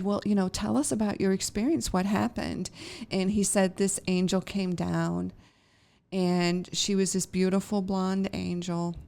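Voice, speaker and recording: A woman's voice: on the low side, darkish tone, clean tone. A middle-aged woman hosting a podcast, telling a personal story casually and emotionally, with frequent laughs and many fillers and restarts. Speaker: podcast host.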